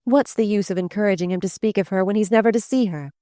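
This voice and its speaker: A woman's voice: mid-range voice, fast talker, dark tone, no echo, studio quality, natural voice. A woman reading the part of a blunt, protective adult sister in an audiobook, with clipped, matter-of-fact delivery. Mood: firm.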